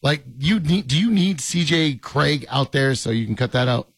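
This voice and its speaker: A man's voice: on the high side, expressive, normal speed, fairly bright tone, husky, no room sound. A man hosting a sports radio show, joking and rambling in casual chat and laughing often.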